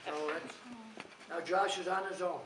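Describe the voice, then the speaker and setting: A man's voice: on the high side, fairly even intonation, moderate pace. Older man, retiring coach, blunt chuckling storyteller, distant echoey recording with noise. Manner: blunt, chuckling, rambling anecdotes. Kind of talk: casual storytelling at a gathering. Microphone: far from the mic. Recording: echoey, distant, noisy hall.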